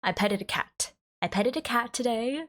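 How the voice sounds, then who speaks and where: A woman's voice: a little high, normal speed. A woman, streaming live and chatting casually with her viewers, bubbly and giggly. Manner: bubbly, giggly, greets chat warmly.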